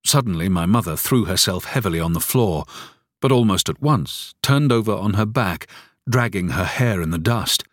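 A man narrating an audiobook story in an expressive storytelling reading. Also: low voice, normal speed, dry recording, clean studio sound.

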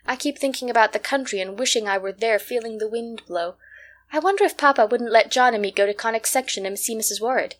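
A woman's voice: on the high side, fast, close to an everyday voice. A woman voicing a young girl who sounds fretful and pleading.

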